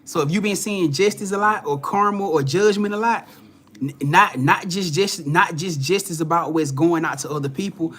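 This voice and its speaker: A man's voice: fairly high pitch, normal speed, fairly bright tone, slightly rough. A young man hosting a spiritual reading live stream, talking loosely in slang, greeting viewers by name and swearing now and then. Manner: laid-back slangy talk, greeting viewers by name, frequent swearing and laughs. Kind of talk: casual live-stream chat.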